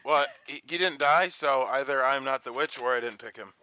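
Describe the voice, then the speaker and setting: A man's voice: mid-range voice, a little fast, sharp tone, muffled recording, a little hiss or hum. A man playing a social deduction game over a voice call, chuckling and mocking himself. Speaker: player. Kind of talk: casual game banter.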